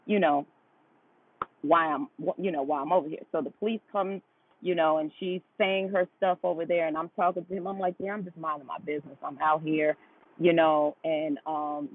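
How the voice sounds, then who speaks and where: This podcast guest is a woman with a low, slightly rough voice, heard through a tinny line that resembles a phone. She tells a story in a loose, conversational way, full of fillers and quoted dialogue.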